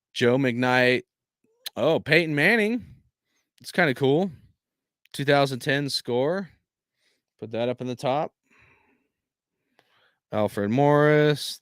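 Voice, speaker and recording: Young man, smooth dry close mic. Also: mid-range voice, no echo. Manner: laughing, swearing, loud exaggerated dismay. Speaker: streamer opening football card packs. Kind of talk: casual live-stream chat.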